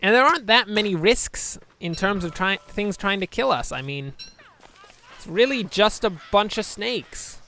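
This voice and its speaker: Bright-voiced man rambling over gameplay. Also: high voice, animated, unhurried, a little hiss or hum. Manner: joking, self-deprecating, chatty asides to viewers. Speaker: gameplay commentator. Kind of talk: rambling let's-play commentary.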